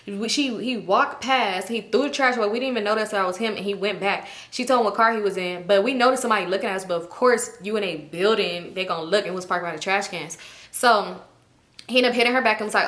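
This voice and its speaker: A woman vlogger telling a story in a casual, slangy, animated way. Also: medium pitch, brisk. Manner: animated, laughing often, slangy. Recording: echoey room.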